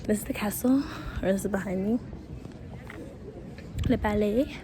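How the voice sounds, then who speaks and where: A woman's voice: mid-range voice, normal speed, dark tone. A woman travel vlogger chatting playfully to her viewers while touring a palace site outdoors on a handheld camera. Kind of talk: casual travel vlog chat. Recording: outdoor ambience and passing vehicle noise.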